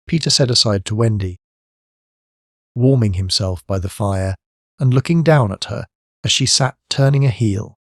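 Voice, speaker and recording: A man narrating a classic children's fantasy audiobook in measured storytelling. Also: fairly low pitch, dry recording, clean studio sound. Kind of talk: scripted narration.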